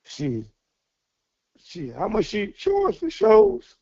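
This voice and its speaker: Lively mellow-voiced male caller. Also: high voice, very slow, creaky, husky, dry recording. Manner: lively and joking. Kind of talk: casual call-in chat. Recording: dull lo-fi call with faint music.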